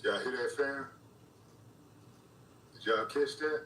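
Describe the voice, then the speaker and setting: A man's voice: mid-range voice, slow pace, pushed and bright. A man commenting on an audio recording in a played clip, speaking to viewers and repeating the words he hears in it. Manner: talks to viewers, voices what he hears in the audio. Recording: echoey room from far off, faint noise.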